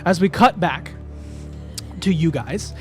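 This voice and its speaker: Casual male game master, slightly high. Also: animated, slow pace, darkish tone, soft background music. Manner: casual, filler-heavy narration. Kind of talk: narrating a tabletop game.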